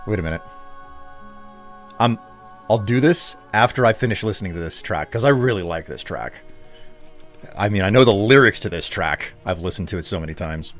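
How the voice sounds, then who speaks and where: A man streaming a game and chatting casually with himself, relaxed and jokey. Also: fairly low pitch, a little fast, pauses often. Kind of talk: casual gameplay commentary. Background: faint music and keyboard typing.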